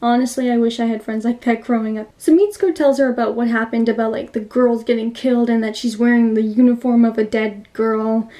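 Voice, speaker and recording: A woman's voice: fairly high pitch, steady tone, a little fast, few pauses, dark tone. A young adult woman retelling a film's plot in a casual, gushing way, full of fillers. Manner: gushing, filler-heavy storytelling. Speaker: movie reviewer. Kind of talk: casual movie recap.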